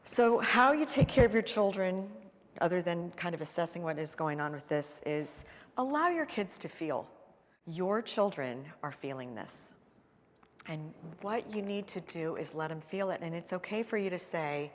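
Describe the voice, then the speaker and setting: Woman therapist presenting a seminar, lower-pitched voice, earnest and conversational, long hall echo. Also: lively intonation, a little slow. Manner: earnest, emphatic, conversational with frequent fillers. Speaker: therapist giving a seminar talk.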